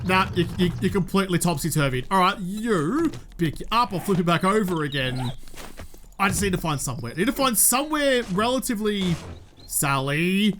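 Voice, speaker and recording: A man's voice: sits high, lively intonation, moderate pace, fairly bright tone. Young Australian man, gaming commentary, chatty and jumpy, faint hiss behind. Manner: chatty, jumpy, talks to game characters. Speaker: gaming YouTuber. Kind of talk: let's play commentary.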